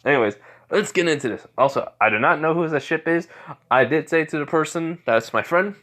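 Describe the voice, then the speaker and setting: A man's voice: a little high, a little fast, a bit bright. A young man talks straight to his viewers in a loose, rambling way. He keeps stopping to correct himself and fills the gaps with ums and you-knows. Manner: rambling, hesitant, with fillers and self-corrections. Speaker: channel host. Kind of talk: casual vlog intro.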